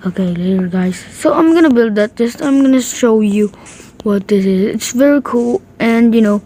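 A woman casually commenting on her own gameplay, excitable and repeating short exclamations. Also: on the high side, moderate pace, slight background noise, poor audio. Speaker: gaming channel host.

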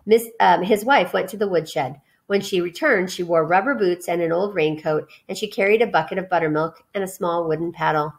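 A woman reads a children's novel aloud, giving the narration an expressive storyteller's lilt. She trips over a word now and then and simply restarts. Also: on the low side, brisk, hardly any pauses. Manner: expressive, with small slips and restarts. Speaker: reader.

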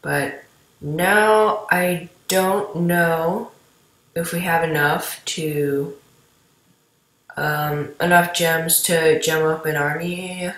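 Woman gamer, low-ish voice, unhurried rambling play-by-play, recorded in an echoey room. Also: fairly even intonation, fairly bright tone. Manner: rambling, chatty, talks to viewers while playing. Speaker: gameplay commentator. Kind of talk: casual gameplay commentary.

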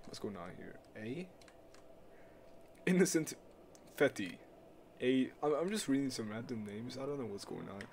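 A man's voice: mid-range voice, normal speed, long pauses, a little hiss or hum. A young man playing a horror game and commenting live, swearing a lot, yelping at scares and repeating himself. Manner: swearing, jumpy, yelps and screams at scares; loud, excitable, repeats himself. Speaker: gaming YouTuber.

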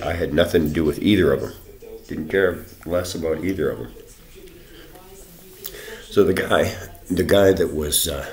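A man with an extremely low, deep voice recounts a run-in in a loose, rambling way. He swears often and jumps into quoting the other people in short bursts. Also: fairly bright tone. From Canada. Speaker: vlogger. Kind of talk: rambling personal account.

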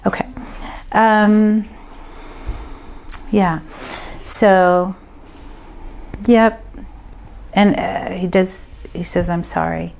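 A woman working as a medium, giving a group reading and thinking aloud in a casual, hesitant way with many pauses and fillers. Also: medium pitch, fairly even intonation, darkish tone, a little hiss or hum.

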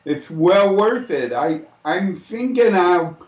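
An easygoing man talks slowly in a slightly raised voice, agreeable and relaxed. He sounds roomy and dull, as if recorded in a lo-fi, echoey space. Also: high voice. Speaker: host. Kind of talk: casual radio chat.

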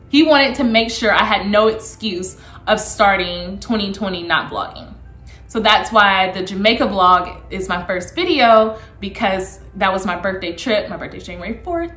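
A woman, a vlogger chatting casually and telling a story with lots of laughter. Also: roomy sound. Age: 30s. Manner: animated, laughing, acts out quotes in a high excited voice.

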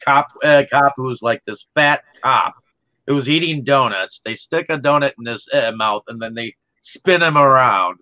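A man's voice: mid-range voice, a little slow, sharp tone, dry recording, dull audio. A man co-hosting a casual movie discussion podcast, talking hesitantly with many fillers and restarts. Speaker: podcast co-host.

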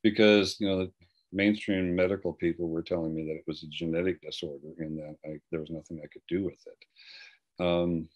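Older male, deep voice, earnest testimony, halting delivery with many restarts. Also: flat delivery, highs cut off. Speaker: guest speaker. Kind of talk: personal testimony.

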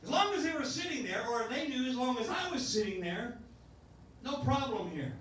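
Sixty-something preacher, high and echoey. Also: male voice, animated, moderate pace, a bit bright, slight background noise. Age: 60s. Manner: folksy preaching with repeated restarts. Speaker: pastor. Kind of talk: sermon. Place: church sanctuary. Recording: echoey church sound from a distance.

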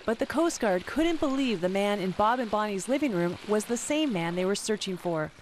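A narrator delivers scripted documentary voice-over at a mid-range pitch. The reading is even and measured. A faint hum of background noise sits underneath. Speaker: program narrator.

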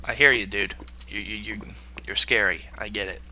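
A man's voice: on the low side, fairly even intonation, normal speed, sharp tone, a little hiss or hum. A man giving chatty video game commentary, joking and talking to the monsters in the game. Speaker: gamer.

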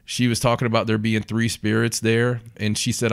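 A man with a lowish voice hosts a casual podcast interview. He rambles a bit and hesitates as he sets up his questions. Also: monotone, normal speed, creaky, clear, resonant tone. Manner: hesitant, rambling, lots of fillers and restarts. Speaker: podcast host.

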